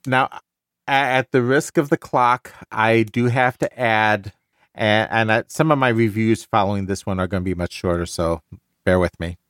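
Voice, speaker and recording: A man's voice: on the low side, moderate pace, a bit bright, clean tone, dry recording, studio quality. A man hosting a casual book discussion podcast, talking with enthusiasm and often restarting his sentences. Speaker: podcast host.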